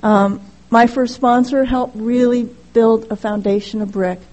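A middle-aged woman speaking at a recovery meeting, telling her story candidly and haltingly, with many restarts. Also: fairly high pitch, steady tone, darkish tone, low-quality recording. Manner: halting, frequent restarts and "you know", candid. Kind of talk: personal recovery share, casual storytelling.

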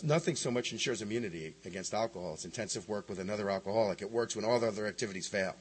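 A man with a husky, slightly rough voice speaks quickly and emphatically at a recovery meeting. His storytelling is animated, with big swings between loud bursts and quiet asides. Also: lowish voice, poor audio. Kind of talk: personal recovery talk.

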